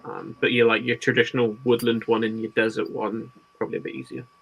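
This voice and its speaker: A man's voice: mid-range voice, little pitch movement, quick pace, vocal fry, slightly rough, rough recording. A man being interviewed on a podcast, explaining his custom kit work in a practical, rambling way with restarts. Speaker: guest gear maker.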